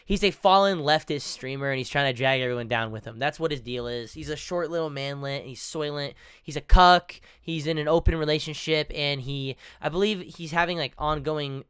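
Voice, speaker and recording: A young man with a bright, forceful voice rants through a reaction commentary, profane and mocking. His speech is crisp and clean, set in a dry space with little room sound. He rambles on and rarely lands on one point. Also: on the high side, fairly quick, few pauses, no echo. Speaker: commentary streamer.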